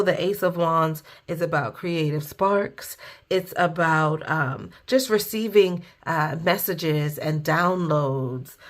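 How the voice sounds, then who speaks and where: A woman's voice: fairly low pitch, fairly bright tone. A woman giving a casual spoken tarot reading, heartfelt and informal, with occasional cursing. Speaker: tarot reader.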